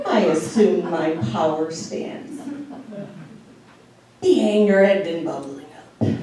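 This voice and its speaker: A woman in her sixties giving a humorous storytelling speech in an animated way, with drawn-out pauses and laughing asides. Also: lowish voice. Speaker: speech contest speaker. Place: meeting hall. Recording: echoey hall from far off.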